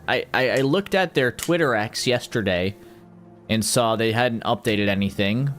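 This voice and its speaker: A man's voice: medium pitch, fairly bright tone. A man streaming casually, rambling and joking about games and mocking himself. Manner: rambling, jokey, self-mocking. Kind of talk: casual livestream chat.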